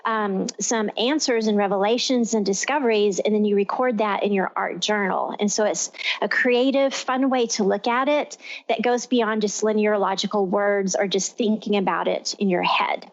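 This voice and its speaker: A woman's voice: mid-range voice, moderate pace, hardly any pauses. A woman from Texas hosting a talk radio show, explaining in long flowing sentences. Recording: lo-fi radio sound.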